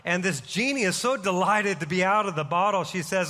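A middle-aged pastor preaches with energy, mixing jokes into his sermon. His voice sits high and bright. A long hall reverb from the church sanctuary trails each phrase. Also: fairly quick, hardly any pauses. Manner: energetic, joking storyteller.

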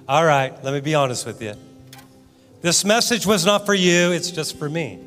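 A man preaching a sermon in a church, swinging from loud exhortation to soft, quiet prayer. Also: medium pitch, quick pace. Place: church sanctuary. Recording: church hall reverb with guitar music.

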